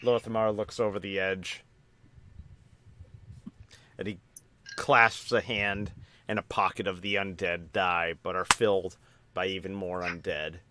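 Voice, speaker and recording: Male game master, slow and low, dramatic narration. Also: level tone, pushed and bright, slight background noise.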